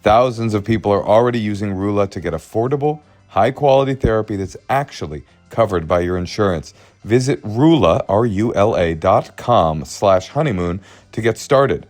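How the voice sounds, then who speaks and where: Man, host ad read, emphatic, low voice, faint music bed. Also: lively intonation, normal speed, darkish tone. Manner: emphatic, direct, conversational pitch. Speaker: podcast host reading an ad.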